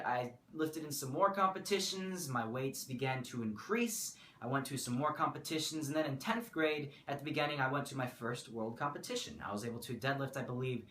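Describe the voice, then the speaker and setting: A man's voice: medium pitch, pushed and bright. A teenage boy from the United States chatting casually in a vlog, rambling and correcting himself as he goes. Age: teens. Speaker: vlogger. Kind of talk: casual talking-head vlog. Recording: echoey room, faint room noise.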